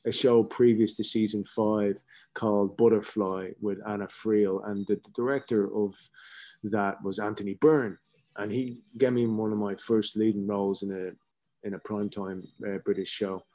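Man, fairly low voice, casual guest storytelling, blunt and profane. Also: moderate pace. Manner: candid, swears freely, animated anecdotes. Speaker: actor guest.

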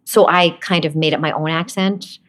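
A woman's voice: low voice, fairly even intonation, moderate pace. A woman in her forties from Brooklyn, an actress chatting as an interview guest, rambling with asides and laughing often. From Brooklyn, USA. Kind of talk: casual interview chat.

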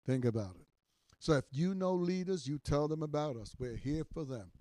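A man in his sixties, a minister teaching in a podcast sermon, emphatic and repetitive, his voice swelling loud on key words. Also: fairly high pitch, lively intonation, normal speed. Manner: repeats phrases for emphasis.

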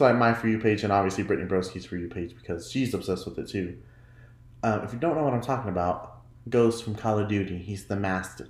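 A man hosting his own podcast in casual solo chat, chatty and giggly, often jumping into high mock voices when he quotes himself. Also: roomy sound. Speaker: podcast host.

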